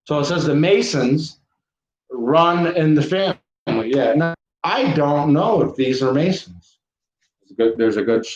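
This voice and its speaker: Emphatic ranting man on a livestream. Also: on the high side. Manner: emphatic, repetitive insistence. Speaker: livestream host. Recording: roomy, dull lo-fi livestream audio.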